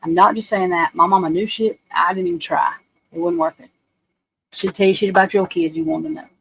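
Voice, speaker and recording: This woman in her 40s has a low-ish, husky, slightly bright voice with vocal fry, and she speaks briskly in a steady tone. Hosting a livestream over a rough recording, she rambles through blunt, profane stories for her viewers.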